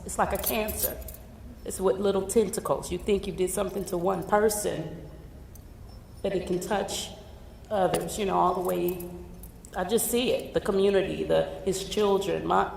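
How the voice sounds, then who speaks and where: A woman on stage as a coaching participant, answering in halting, hesitant phrases. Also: fairly low pitch, gravelly, far from the mic. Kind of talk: emotional on-stage coaching exchange. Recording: echoey hall with faint noise.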